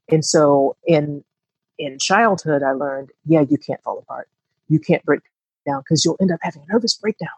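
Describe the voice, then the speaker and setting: Woman, podcast co-host, candid, reflective, husky voice, dry room. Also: deep voice, normal speed, darkish tone, no room sound, rough recording. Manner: reflective, candid, rising emphasis. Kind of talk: casual heartfelt conversation.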